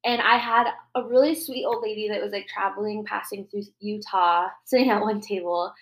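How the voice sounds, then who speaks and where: A woman in her twenties telling customer-service stories in a casual podcast chat, animated and full of profanity, acting out the people she quotes. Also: medium pitch, moderate pace, rough recording. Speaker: podcast co-host.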